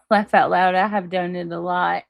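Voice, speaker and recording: A woman hosting a casual livestream, chatting with viewers and reading their comments, warm toward them and quick to apologize. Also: lowish voice, fairly even intonation, gravelly, no echo, clean studio sound. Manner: chatty, apologetic, laughs easily, restarts often. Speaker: livestream host.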